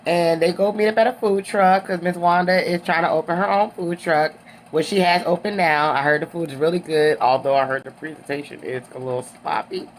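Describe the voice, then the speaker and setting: A young woman with a somewhat low-pitched voice gives a sassy, gossipy recap of a reality show. She talks in a chatty, casual way and keeps tossing in "honey" and "okay?". A faint hiss of noise sits behind her voice. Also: fairly even intonation, brisk. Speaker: reality TV reviewer.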